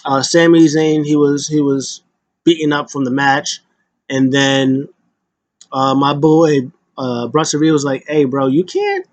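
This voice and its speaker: A man rambling through a casual recap of wrestling events, with frequent fillers and quick impressions of the wrestlers. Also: a little high, level tone, dry recording, muffled recording.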